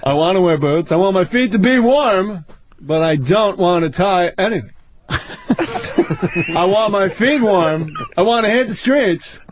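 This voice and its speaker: A high, sing-song voice put on by a man playing a fussy stand-up comic. He whines and frets in exasperation, swinging his pitch all over the place. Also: expressive, measured pace. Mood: whiny. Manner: whiny, exasperated complaining. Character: fussy male observational stand-up comic, whiny. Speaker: comedian guest.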